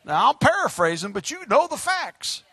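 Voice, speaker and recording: A middle-aged man, preaching a fiery sermon as pastor, joking and then shouting his exhortations. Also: very high-pitched, very animated, normal speed, breathy edge, no room sound.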